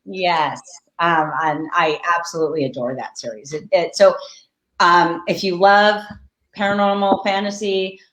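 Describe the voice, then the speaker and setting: A woman's voice: on the low side, steady tone, unhurried, a bit bright. A woman author chatting casually over a video call, with frequent ums and restarts, then reading from her novel. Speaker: guest author. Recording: echoey room.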